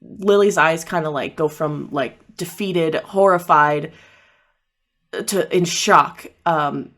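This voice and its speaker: Woman game master; lowish, casual narration. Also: slow pace, fairly bright tone. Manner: casual, lots of fillers.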